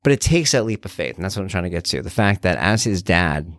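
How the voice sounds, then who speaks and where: A middle-aged man hosting a podcast, telling stories in an animated, conversational way. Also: low voice, quick pace, dry recording, studio quality. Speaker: podcast host. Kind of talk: casual solo podcast monologue.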